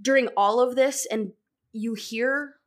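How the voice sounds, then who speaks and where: A woman co-hosting a podcast in casual chat, rambling and excitable, filling her talk with "like.". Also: a little high, measured pace, a crowd in the background. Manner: rambling, fills with "like"; excitable, laughs often. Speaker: podcast co-host.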